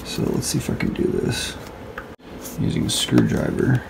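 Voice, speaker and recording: A man hosting a casual toy review in a hushed early-morning voice, keeping quiet because someone is asleep nearby. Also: moderate pace. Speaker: host. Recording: noisy home recording.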